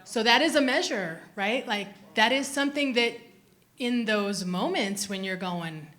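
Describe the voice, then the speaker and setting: A woman's voice: fairly high pitch, measured pace, fairly bright tone. A woman speaking candidly on a live panel, emotional at times and full of casual fillers. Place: live event at a university.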